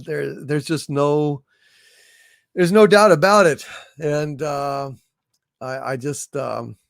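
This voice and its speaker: Slow-talking man hosting a livestream. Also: on the high side, no echo, clean studio sound. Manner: halting, many uhs and repeats, sincere. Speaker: livestream host reading super chats. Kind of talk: casual livestream chat.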